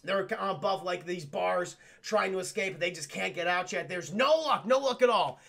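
High-voiced gravelly man streaming a film recap. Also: moderate pace, a bit bright. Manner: rambling, crude, addresses chat constantly. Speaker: livestream film reviewer. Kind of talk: casual profane film recap to chat.

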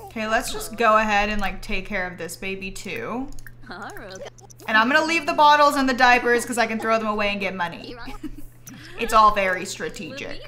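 A woman's voice: medium pitch, animated, moderate pace, sharp tone, soft background music. A young woman streaming a life-simulation game live, giving exasperated, joking running commentary to her chat.

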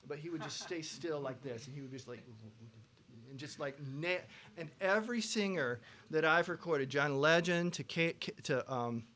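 A man teaching a pop vocal production masterclass to students, lively, breaking into loud sung examples. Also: on the high side, moderate pace. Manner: animated, belts out sung examples.

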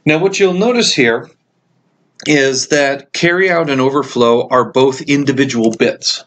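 A man teaching a programming course over a screen recording, explaining code in a relaxed way with frequent ums and uhs, while he has the hiccups. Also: medium pitch, measured pace. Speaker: computer science instructor. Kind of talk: screencast code walkthrough lecture.

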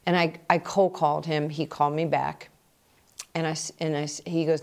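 Low-voiced woman telling stories. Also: moderate pace. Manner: animated, acts out remembered conversations. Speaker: interviewee. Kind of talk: personal storytelling.

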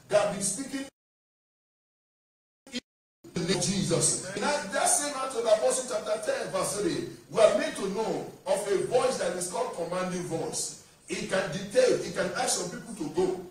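High-voiced preacher in an echoing church. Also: male voice. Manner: declamatory preaching with call-and-response. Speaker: pastor. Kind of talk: sermon. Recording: echoey church hall from far off.

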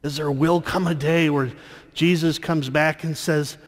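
Slow-speaking priest in a reverberant church. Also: male voice, on the high side, fairly even intonation. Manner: slow storytelling homily with fillers and restarts. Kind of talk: sermon. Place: large church.

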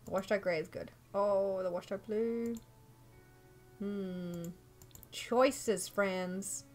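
A young Irish woman gives casual let's-play commentary on a game livestream, excitably talking to her viewers and to the game's characters. Her voice is medium-pitched and extremely slow, with soft music in the background.

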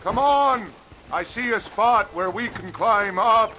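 An actor playing a calm, stern wilderness guide who speaks curtly. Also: male voice, sits high, takes it slowly, soft background music, exaggerated voice, low-quality recording. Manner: calm, curt.

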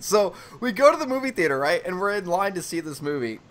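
Animated, foul-mouthed man telling a story. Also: sits high, quick pace, hardly any pauses. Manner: animated, profane, acts out quotes. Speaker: podcast co-host. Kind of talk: casual storytelling chat.

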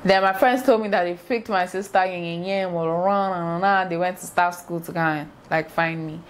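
Animated woman telling a story. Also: on the low side, brisk, slight background noise. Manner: animated storyteller acting out sounds and quoted voices. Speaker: vlogger. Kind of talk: casual storytime vlog.

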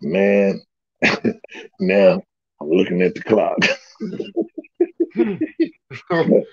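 A man tells a story with big swings in pitch, acting out every quote. His voice is gravelly and husky. The recording sounds dull and lo-fi. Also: very slow. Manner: animated, laughing, swearing, acts out quotes. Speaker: storyteller guest. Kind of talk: casual storytelling.

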